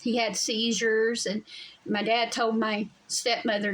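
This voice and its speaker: Lady venting on her vlog, kinda high voice, blunt and swears a lot. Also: steady tone, measured pace, a bit bright, poor audio. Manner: blunt, emphatic, swears freely. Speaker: vlogger. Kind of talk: casual storytelling to viewers. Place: home during a storm.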